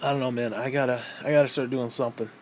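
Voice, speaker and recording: A man's voice: mid-range voice, steady tone, very fast, a little mellow, slight background noise. Breathless man ranting with constant swearing. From New York State. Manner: profane, bitter ranting. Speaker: vlogger. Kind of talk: ranting vlog monologue.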